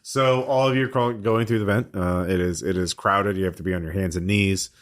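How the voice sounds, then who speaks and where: A man narrating as game master of a tabletop game in a relaxed, hesitant way with lots of fillers. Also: sits low, fairly quick.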